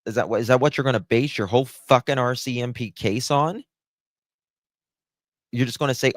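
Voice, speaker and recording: A man's voice: medium pitch, a little slow, pauses often, no echo, clean studio sound. A man giving angry, profane, sarcastic commentary on case documents as a true crime host.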